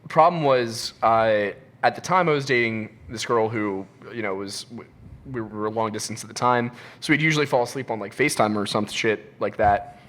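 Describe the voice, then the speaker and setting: A man's voice: on the low side, normal speed, fairly bright tone. A man co-hosting a podcast in casual chat, teasing his guests, then telling his own rambling story full of fillers.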